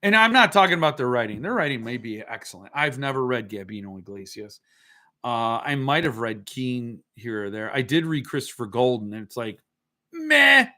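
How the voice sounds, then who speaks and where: A man hosts a casual livestream a bit tipsy, rambling, swearing, and correcting himself as he answers viewer comments. His medium-pitched voice is animated, bright, and forceful, and he talks briskly.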